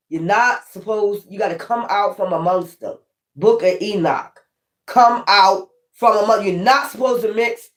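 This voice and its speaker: A woman giving a casual spiritual tarot reading, swearing often and repeating her points for emphasis. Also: medium pitch. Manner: profane, emphatic and repetitive. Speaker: tarot reader. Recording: echoey room.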